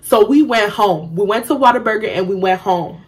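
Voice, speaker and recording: A young woman vlogger tells a storytime at medium pitch and normal speed. She's blunt and profane, animatedly acting out what other people said.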